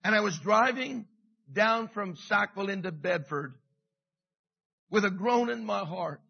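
A middle-aged man preaching a sermon with passion, dropping to a hush and rising again, repeating his phrases. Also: high voice, a little slow, creaky, breathy edge, dull audio. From Canada. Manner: passionate, swings from hushed to loud, repeats phrases. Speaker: pastor.

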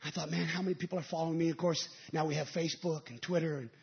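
A male evangelist preaching a sermon, telling stories and rising into emphatic shouted peaks. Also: a little high, steady tone, rapid-fire, gravelly, dull audio.

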